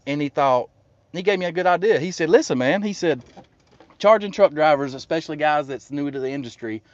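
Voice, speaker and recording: A man's voice: fairly high pitch, expressive, fairly quick, no room sound. A man telling a story in a casual, blunt, plainspoken way. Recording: dull, dry sound.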